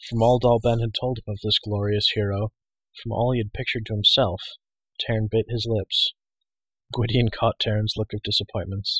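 A man narrates an audiobook in a steady, even storytelling manner. His voice is low and husky. The recording is dry and close on the mic. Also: normal speed, no room sound, poor audio.

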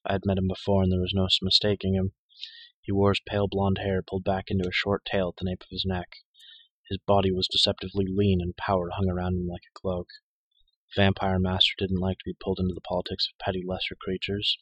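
Male audiobook narrator, deep and bright-edged, dramatic first-person delivery. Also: fairly even intonation, fast, slightly rough, no room sound, low-quality recording.

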